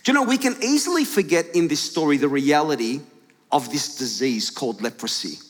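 Male pastor, slightly higher voice, casual, chatty sermon, long church hall reverb. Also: expressive, brisk. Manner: conversational, with fillers and restarts. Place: large church auditorium.

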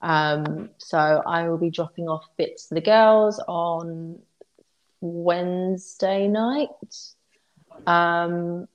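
A woman's voice: on the low side, fairly even intonation, drawn-out words, dull audio. A woman co-hosting a podcast in casual chat, frank and rambling with ums. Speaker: podcast co-host and stylist.

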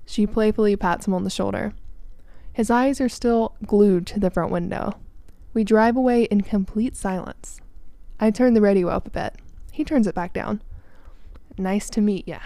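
A woman's voice: mid-range voice, fairly even intonation, moderate pace, dark tone, no room sound. A young woman hosting a podcast, telling a personal story in a candid, present-tense way. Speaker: podcast host. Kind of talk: storytelling narration.

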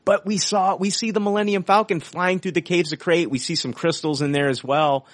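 A man co-hosting a podcast, talking excitedly about a film trailer and swearing casually. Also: high-pitched, brisk, no room sound. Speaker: podcast co-host.

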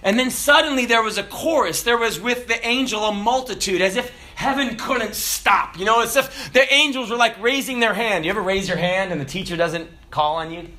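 A man in his forties preaching a sermon, swinging between shouted declarations and low, quiet asides. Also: moderate pace, hardly any pauses. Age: 40s. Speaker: pastor.

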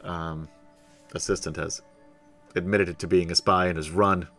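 A man's voice: sits low, steady tone, moderate pace, a bit bright, faint music behind. A man running a tabletop role-playing game over voice chat, narrating loosely and laughing often. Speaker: game master.

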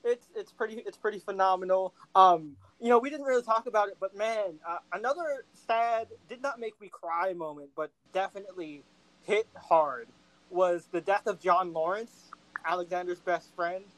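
A man's voice: high voice, normal speed, no echo, poor audio. A man co-hosting a podcast, chatting casually and with feeling, acting out and singing quotes. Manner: animated, gushing, sings and acts out quotes. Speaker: podcast co-host.

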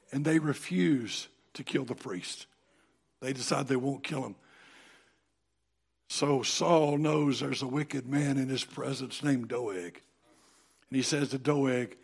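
A male preacher with a drawl tells a Bible story in a folksy sermon, acting out each character's lines. His voice sits a little high and has a gravelly, husky edge. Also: measured pace.

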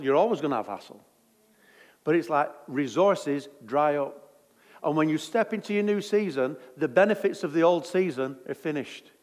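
A man's voice: a little high, long reverb tail. A man preaching a sermon in a jokey, conversational way.

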